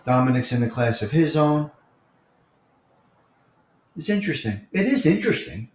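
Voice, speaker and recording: Speaking at a moderate pace with a fairly high voice that swings widely in pitch, this New York–accented man runs a casual morning livestream chat. He calls chatters by name and repeats himself emphatically, all in an echoey room.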